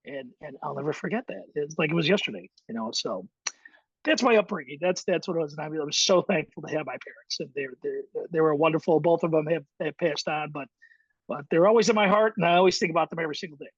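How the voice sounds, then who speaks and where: A man's voice: on the high side, fast talker, slightly rough, dry recording, muffled recording. A middle-aged man, a guest in an interview, telling his story in a reflective way with many fillers and restarts. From Chicago, USA. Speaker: guest, high school baseball coach.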